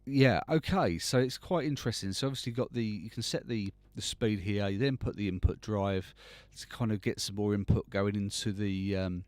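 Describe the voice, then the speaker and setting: A man's voice: lowish voice, moderate pace, hardly any pauses, a little mellow, no room sound. A man hosting a live, unscripted tutorial, thinking aloud as he works, with frequent restarts and fillers. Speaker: host demonstrating mastering software.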